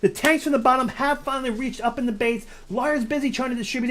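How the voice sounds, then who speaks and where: A man giving live play-by-play commentary on a strategy game, talking to viewers as guys and building to excited near-shouting at big plays. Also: very high-pitched, fast, hardly any pauses. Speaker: game caster.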